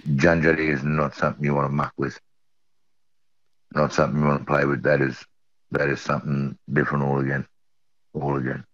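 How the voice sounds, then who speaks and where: A man's voice: extremely low pitch, no room sound. A middle-aged Australian man, an eyewitness earnestly recounting a personal story and repeating phrases for emphasis. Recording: dull lo-fi audio.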